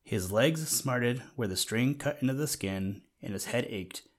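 A man reading a children's storybook aloud in a gentle way, talking to the listener now and then. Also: medium pitch, expressive, measured pace. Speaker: narrator.

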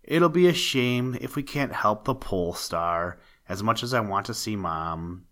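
A man reading as a calm kindly father. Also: on the low side, measured pace, voice pushed down. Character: kind, unselfish father on a spaceship.

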